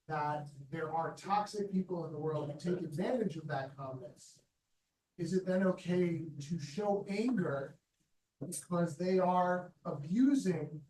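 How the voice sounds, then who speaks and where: A man's voice: fairly high pitch, darkish tone, slight background noise. Hesitant man asking from the floor. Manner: hesitant, quick, full of fillers. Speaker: audience member asking a question. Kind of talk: question from the floor. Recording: distant voice in an echoey hall.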